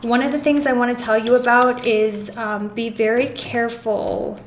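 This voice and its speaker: A woman's voice: on the high side, flat delivery, normal speed, reverberant, a little hiss or hum. A woman giving a pick-a-card tarot reading, speaking earnestly and emotionally to her viewers and reassuring them often. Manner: many fillers and restarts, addresses viewers as guys. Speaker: tarot reader.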